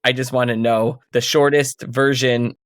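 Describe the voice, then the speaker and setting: A man co-hosting a podcast, chatting casually and asking questions about a fantasy novel in a relaxed way. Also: medium pitch, measured pace, smooth. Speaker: podcast co-host. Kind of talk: casual book discussion.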